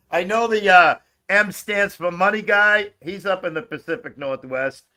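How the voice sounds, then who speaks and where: Profane, bright-voiced man ranting on stream. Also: high-pitched, slow pace. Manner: profane ranting, laughs often. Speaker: livestream host. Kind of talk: casual livestream chat.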